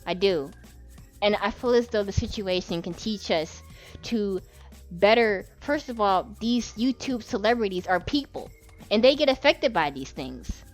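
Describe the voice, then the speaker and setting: A woman speaks straight to camera in an unscripted vlog, rambling, passionate and full of swearing. Her voice sits at an ordinary pitch. Soft music plays faintly behind her. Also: expressive, measured pace. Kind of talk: unscripted emotional vlog monologue.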